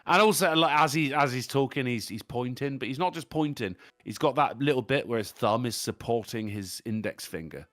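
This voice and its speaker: A man's voice: mid-range voice, fairly quick, hardly any pauses, a bit bright, dry recording, studio quality. A British man in his thirties, co-hosting a casual podcast chat, joking and swearing freely. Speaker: podcast co-host.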